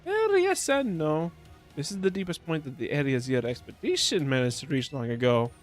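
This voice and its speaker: A man's voice: a little high, big pitch swings, brisk, faint music behind. A man voicing an eager, scholarly middle-aged woman professor who explains things earnestly. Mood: explaining.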